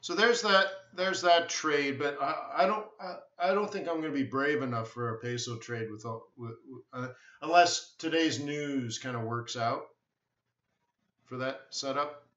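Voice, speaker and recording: A man's voice: medium pitch, a little slow, pushed and bright. A man hosting a live trading stream, answering viewers bluntly and often repeating himself. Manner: blunt, repeats words, emphatic. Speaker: forex trading webinar host. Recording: echoey room, dull lo-fi sound.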